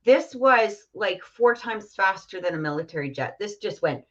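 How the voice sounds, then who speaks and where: A middle-aged woman with an expressive, medium-pitched voice tells a personal story at a moderate pace during a live stream. She's chatty and casual, laughing often, with lots of fillers and restarts. The stream audio is muffled and lo-fi.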